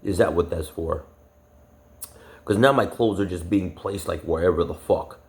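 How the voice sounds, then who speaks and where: A man's voice: sits low, normal speed, gravelly. A man vlogging an angry personal rant, profane and agitated, rambling with many fillers and restarts. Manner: profane, agitated, heavy swearing.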